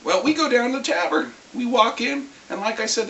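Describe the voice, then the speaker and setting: A vlogger getting over a cold, clearing the throat, telling a rambling, lively story about a tabletop game in a casual rant. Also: mid-range voice, a little fast, few pauses. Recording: echoey room, far from mic, faint hiss.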